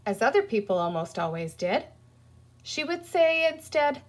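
A woman reading a children's novel aloud in an expressive storytelling voice. Her pitch sits a little high and moves a great deal, rising and falling through each sentence. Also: a little slow. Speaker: audiobook reader. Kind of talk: children's book read aloud.

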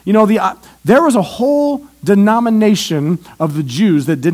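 A man preaching an evangelistic sermon in a church, asking questions and answering them, swinging from loud emphasis to hushed asides. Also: sits high, expressive, a little fast, hardly any pauses.

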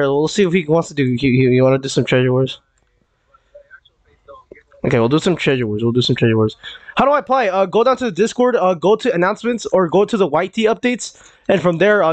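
A young man chats his way through a live game stream, stumbling over his words and circling back with lots of "like" and "uh." His voice sits a touch high for a man. The sound is close and dry, with no room around it. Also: dry recording. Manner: rambling, repeats himself, many fillers and restarts. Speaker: gaming streamer. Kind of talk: casual live-stream chat while gaming.

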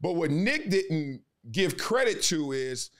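Slangy emphatic guy on a podcast, highish voice that jumps all around. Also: big pitch swings, slow pace. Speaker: podcast guest, sports commentator. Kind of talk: casual interview talk.

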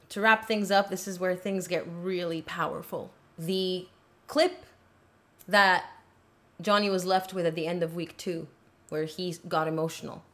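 A woman hosting a casual commentary recap of a court trial, talking in an animated way and acting out the quotes she retells. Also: medium pitch. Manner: animated, acts out quoted lines.

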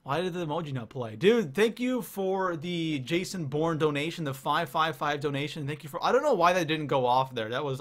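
Excitable young man streaming a game. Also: fairly high pitch. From Canada. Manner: excitable, reads chat out loud. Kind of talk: live stream commentary.

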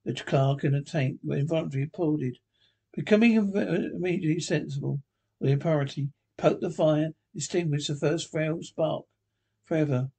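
A man storyteller reading a classic story aloud, in an unpolished way with stumbles and restarts, with a husky voice. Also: fairly high pitch, moderate pace, warm tone, rough recording.

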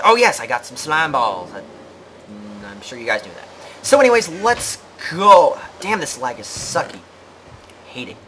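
Mid-range in pitch, this man's voice comes across bright and forceful despite poor audio and clear background noise. Hosting a gaming channel let's play, he rambles, cracks jokes, pokes fun at himself, and talks to himself while playing.

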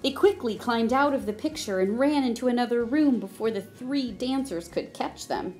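A woman reading a children's story aloud in a slow, expressive way. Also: on the high side, faint music behind. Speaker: storybook reader.

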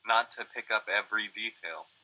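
A man with a lowish voice and a very bright tone chats easily as a guest. He agrees readily and adds his own reflective thoughts. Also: moderate pace, lo-fi sound. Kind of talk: casual chat.

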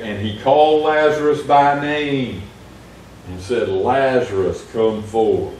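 A man's voice: fairly low pitch, warm tone, slight background noise. A man preaching an earnest sermon in a small church, retelling Bible stories with rising emphasis. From United States. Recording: echoey church room from far off.

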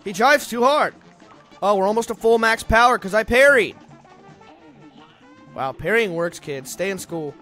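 A young man with a high-pitched voice talks his way through a video game in a casual, rambling commentary. He cracks jokes and suddenly yelps loudly when things go wrong, with faint game music underneath. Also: expressive, moderate pace, long pauses. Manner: jokey, rambling, sudden loud outbursts at failures. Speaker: let's play host.

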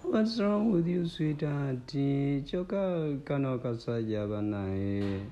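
A performer playing a demanding young girlfriend, coaxing and scolding in slow, drawn-out phrases. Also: medium pitch, expressive, warm tone, highs cut off.

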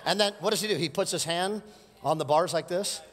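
Man, middle-aged pastor, animated sermon, joking with the crowd, long hall reverb. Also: high voice, brisk. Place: church sanctuary.

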